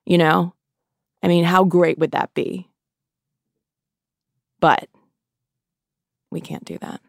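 A woman delivers a podcast pep talk in a low, unhurried voice, with long pauses between phrases. She is impassioned and sarcastic, and she swears freely. The sound is dry and close. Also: steady tone, gravelly, no room sound. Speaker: podcast host.

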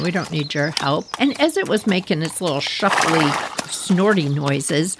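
Animated woman storyteller, noisy recording. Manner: animated, laughing, jumps high for quoted voices. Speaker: podcast host. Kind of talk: storytelling monologue.

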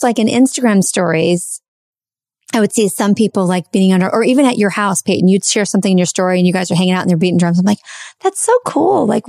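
A woman's voice: mid-range voice, warm tone, dry recording, studio quality. A woman podcast host in casual conversation, telling a heartfelt personal story in a chatty way, full of fillers.

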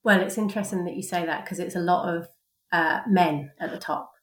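A woman's voice: lowish voice, a little fast, roomy sound, poor audio. A woman in casual conversation, talking thoughtfully with many fillers.

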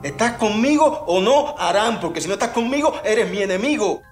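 A man's voice: high-pitched, expressive, fast. An actor playing a stern man who confronts a colleague and demands his loyalty, in film dialogue with music underneath. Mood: confrontational. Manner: confrontational, pressing. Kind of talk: Spanish-language film dialogue.

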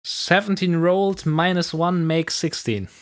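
A woman's voice: on the low side, fairly even intonation, measured pace, no room sound, studio quality. A woman playing a tabletop game, asking curious, tentative questions. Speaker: player. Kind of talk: casual tabletop play.

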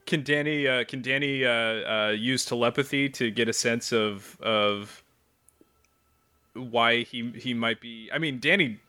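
A man's voice: medium pitch, measured pace, bright, forceful tone, clear, resonant tone. A man playing a tabletop game, hesitant and thinking aloud. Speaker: player.

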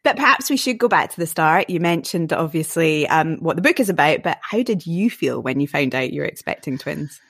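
A woman's voice: sits low, animated, fairly quick, few pauses. A woman hosting a podcast, playful and jokey as she chats with her guests. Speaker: podcast host.

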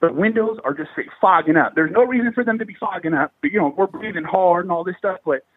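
Talking fast in a high-pitched, breathy voice, a thirtysomething Bay Area, California man shares a paranormal story in casual, slangy, animated talk packed with profanity. The recording is dry, narrow and tinny.

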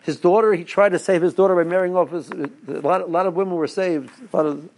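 A rabbi gives his listeners a rambling Torah talk full of restarts, stories and asides. His voice is high and darkish, steady in tone and quick in pace.

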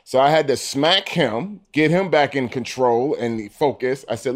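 Animated man, higher voice. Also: moderate pace, hardly any pauses. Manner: animated, acts out quoted voices. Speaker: armored car guard. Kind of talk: storytelling interview.

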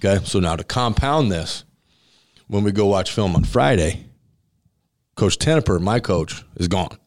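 A man's voice: on the low side, animated, a little slow. A man who owns a restaurant and once played football as a center, telling stories in a casual interview in a blunt, emphatic way and acting out the dialogue. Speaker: restaurant owner and former college football center.

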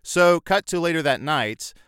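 A man telling a story as a guest in a casual chat, animated and self-deprecating. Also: a little high, measured pace, smooth, dry recording, studio quality. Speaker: podcast guest.

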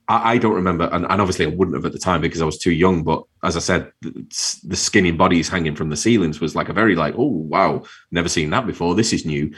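Very deep, husky man talking haltingly. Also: fairly bright tone. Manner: halting, many fillers and restarts. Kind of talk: casual film discussion.

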